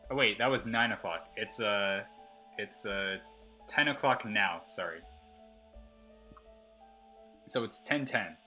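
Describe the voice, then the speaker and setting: A man's voice: fairly low pitch, slow, pauses often, faint music behind. Swearing man reacting to a game. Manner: swears, laughs and thinks out loud. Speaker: game streamer. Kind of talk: let's play reactions.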